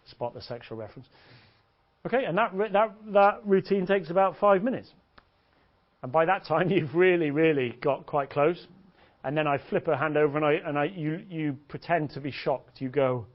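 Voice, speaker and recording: A man teaching a dating seminar in an animated, joking way, swearing and laughing often. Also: on the high side, moderate pace. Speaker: dating coach. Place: seminar room. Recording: dull lo-fi recording.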